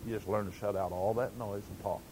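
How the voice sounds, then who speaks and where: An older man with a fairly low voice preaches in a plain, folksy manner. He tells stories and acts out the quotes he tells. A faint rumble sits under the recording. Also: steady tone, fairly quick. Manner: folksy storytelling with acted quotes. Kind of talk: sermon.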